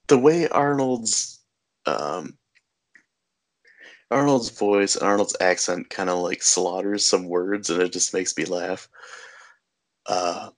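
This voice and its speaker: A man hosting a podcast, chatting casually about a film with fillers and easy laughter. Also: deep voice. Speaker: podcast host. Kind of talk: casual movie discussion.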